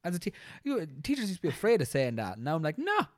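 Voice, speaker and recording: A man's voice: fairly high pitch, fast, no echo, studio quality. A young man, a teacher, co-hosting a casual podcast chat and telling rambling stories. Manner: animated, rambling storyteller. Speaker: podcast co-host.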